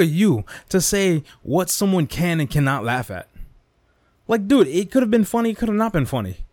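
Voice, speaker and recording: A young male podcast host rants off the cuff, loose, profane and repetitive, dropping into mock whispers and impressions. His pitch jumps everywhere as he gets worked up, at a moderate pace, and the sound is close and dry with no room around it.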